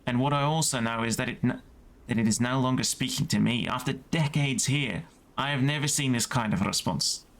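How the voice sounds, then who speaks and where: A man with a brisk, mid-range voice and some vocal fry reads game dialogue aloud as an elderly female gardener-scientist. He puts on a Welsh accent and keeps the delivery soft and earnest.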